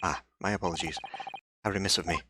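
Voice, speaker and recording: A man putting on a pompous British gentleman detective. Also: low voice, fairly even intonation, fast, background noise, voice pushed down, lightly acted. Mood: grandiose. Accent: put-on British. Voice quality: grandiose, theatrical delivery. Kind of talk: reading game dialogue aloud. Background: game music.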